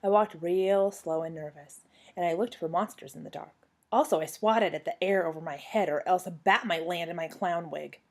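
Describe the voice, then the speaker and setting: Reading to a former student from her couch at home, a young woman narrates a children's book with lively flair. Her voice is lowish and her pace moderate.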